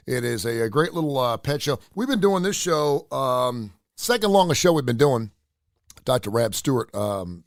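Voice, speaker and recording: A man's voice: medium pitch, gravelly, no echo. Middle-aged male radio host, loose rambling storyteller, dry booth sound. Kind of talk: casual solo radio talk.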